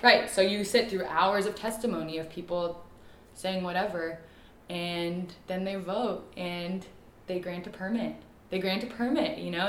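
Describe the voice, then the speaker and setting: A woman, an activist telling her story in an interview with emphatic, animated delivery. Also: on the low side, roomy sound, a little hiss or hum.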